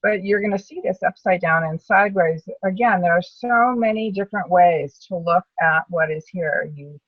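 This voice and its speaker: A woman's voice: fairly low pitch, normal speed, no room sound, distant mic, lo-fi sound. A woman sharing her personal story as a survivor in a webinar, talking in an earnest, reflective way. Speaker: brain tumor survivor panelist. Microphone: video call.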